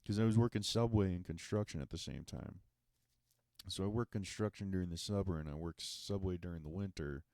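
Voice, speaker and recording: A man's voice: sits low, a little fast, warm tone, no echo, clean studio sound. A man hosting a podcast, telling a sarcastic, profane and exasperated comedic monologue. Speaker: podcast host.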